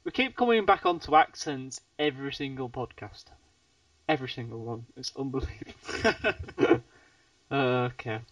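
A man's voice: medium pitch, lively intonation, moderate pace, a bit bright, dry recording. A man from the UK hosting a casual podcast chat, rambling with frequent laughs. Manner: laughs often, rambling with restarts. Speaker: podcast host. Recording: dull, distant podcast mic.

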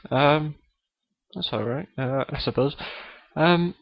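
Male podcast host, halting and full of ums, slow-paced, dull lo-fi sound. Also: mid-range voice, expressive, gravelly, no room sound. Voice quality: hesitant, full of ums and pauses. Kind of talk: comedy podcast interview. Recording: dull lo-fi recording.

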